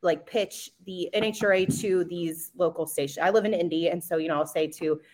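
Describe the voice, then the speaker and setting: A woman guest on a podcast, talking in a bubbly, animated way and laughing often as she chats over a video call. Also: fairly low pitch, a little fast. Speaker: guest, media relations manager. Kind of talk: casual podcast chat.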